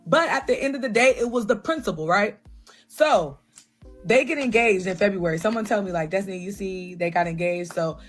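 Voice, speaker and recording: A young woman telling a personal story in a casual, blunt and profane way, with lively asides to her viewers. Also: mid-range voice, a little fast, faint music behind.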